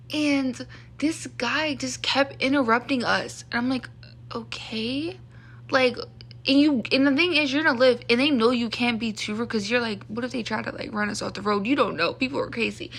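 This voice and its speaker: A young woman tells stories to her vlog camera in a loose, rambling rant. Her voice sits a little high, and she sounds exasperated and fed up. She fills her talk with "like" and acts out the lines of the people she is complaining about. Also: a bit bright. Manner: exasperated, lots of "like", acts out what others said. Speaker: vlogger. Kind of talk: casual storytime rant.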